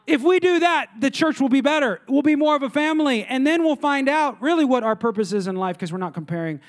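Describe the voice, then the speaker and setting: A man's voice: very high voice, animated, fast. A man in his thirties preaching a sermon as a pastor, emphatic, repeating key lines and asking the audience questions.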